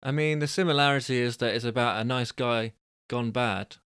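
A man's voice: medium pitch, normal speed, fairly bright tone, clear, resonant tone, no room sound, clean studio sound. A man who hosts a storytelling show, reading stories aloud and chatting with rambling, self-deprecating asides. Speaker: storyteller and host.

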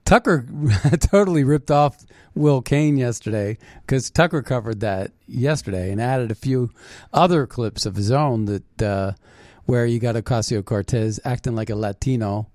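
A man's voice: medium pitch, normal speed, darkish tone, no echo, studio quality. A man co-hosting a podcast in casual chat, rambling and scoffing, with many fillers and restarts. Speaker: podcast co-host.

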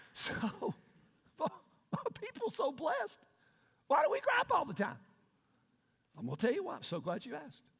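A man preaching a sermon, shouting and calling out questions to his congregation. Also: extremely high pitch, huge pitch swings, measured pace, creaky, long pauses. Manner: preaching with loud shouted call-and-response. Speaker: pastor. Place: church sanctuary. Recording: long reverb of a large hall.

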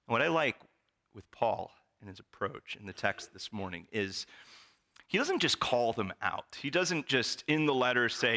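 Bright-voiced animated male preacher. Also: medium pitch, normal speed. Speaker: pastor. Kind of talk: sermon.

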